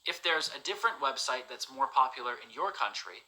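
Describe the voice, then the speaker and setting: A man's voice: medium pitch, expressive, a little fast, sharp tone, poor audio. A man teaching English learners in an emphatic, direct way, repeating his key points. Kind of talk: motivational teaching monologue.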